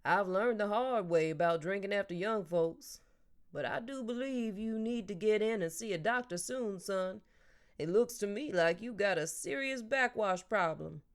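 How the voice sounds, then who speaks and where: A woman's voice: mid-range voice, natural voice. A woman doing a teasing older man. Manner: dry, joking storytelling.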